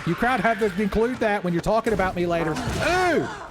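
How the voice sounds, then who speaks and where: A man giving loud, profane, joking commentary while playing a video game. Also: high voice, quick pace. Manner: loud, profane, jokey, yelling at enemies. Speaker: gaming streamer. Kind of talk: casual gameplay commentary. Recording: gameplay music behind voice.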